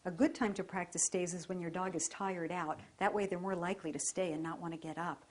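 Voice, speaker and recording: Woman dog trainer, breathy, calm and even, instructional. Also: on the low side, a little fast.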